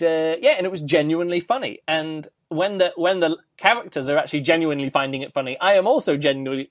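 A man's voice: on the high side, no echo, studio quality. A man hosting a podcast, reviewing a book in a casual, rambling way, with many fillers and restarts.

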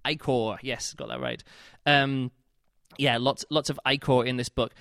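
A man's voice: medium pitch, big pitch swings, a little slow, creaky, a bit bright, clean tone, dry recording, clean studio sound. A man giving a casual spoken book review, chatty and rambling, with many fillers and restarts.

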